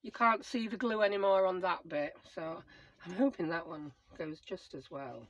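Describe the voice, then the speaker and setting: Husky-voiced woman. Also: on the low side, moderate pace, no echo, dull audio. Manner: chatty, self-talking while working. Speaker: crafting channel host. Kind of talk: casual crafting commentary.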